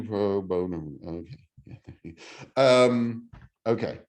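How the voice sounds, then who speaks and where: A middle-aged man leading a real estate class, talking slowly in a fairly low voice. He teaches casually and haltingly, full of ums and restarts. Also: a little mellow. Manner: halting, many fillers and restarts. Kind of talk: casual teaching over video call.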